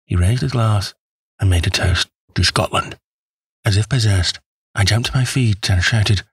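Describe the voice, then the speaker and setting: Deep husky male audiobook narrator. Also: dry recording. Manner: measured, wry storytelling. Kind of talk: scripted first-person narration.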